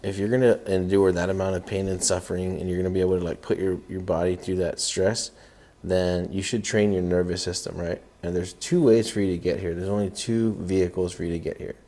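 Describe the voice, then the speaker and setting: A man co-hosts a casual podcast with a very low voice. His tone is dark and relaxed, and he tells stories in an animated way, acting out what he was thinking at the time. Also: a little fast. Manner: animated storyteller who acts out his own inner voice. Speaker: podcast co-host.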